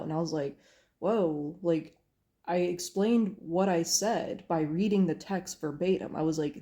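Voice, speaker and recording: A young woman speaks in a mellow, slightly low voice. She tells a personal story to camera, candid and earnest, and acts out what others said along the way. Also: moderate pace. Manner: candid, earnest, recounting with quoted dialogue. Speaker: vlogger.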